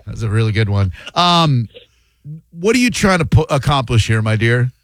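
A man hosting a call-in radio show, teasing callers with quick, wisecracking comebacks. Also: medium pitch, sing-song, fairly bright tone, dry recording.

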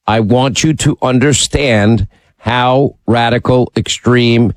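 A man hosts a talk radio show, holding forth in emphatic, opinionated runs and ribbing his callers. His voice sits at an ordinary male pitch, close and dry in a studio booth. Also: no room sound, poor audio. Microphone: studio mic.

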